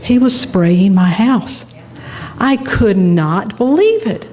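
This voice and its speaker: Middle-aged woman preaching, tells a lively story on herself, mid pitch. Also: slow pace. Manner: animated personal storytelling, laughing at herself. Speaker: minister. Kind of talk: sermon storytelling.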